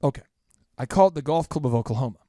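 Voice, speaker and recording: A man hosting a podcast, telling a story in a quick, animated, self-mocking way. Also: medium pitch, no room sound, studio quality. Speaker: podcast host. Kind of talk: storytelling in casual chat.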